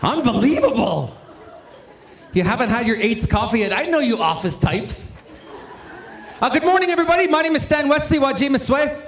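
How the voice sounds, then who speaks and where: A man's voice: extremely high pitch, fairly quick, a bit bright. A man from Northern Ontario hosting a conference, joking and rousing the crowd with call-outs. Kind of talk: energetic event hosting. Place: large conference hall. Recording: echoey hall with faint room noise.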